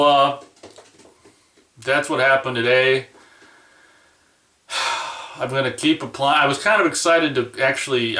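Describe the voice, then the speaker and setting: A man's voice: medium pitch, bright, forceful tone, roomy sound, distant mic. A man venting in a rambling, profane, exasperated rant about his day. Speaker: vlogger. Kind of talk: angry personal rant.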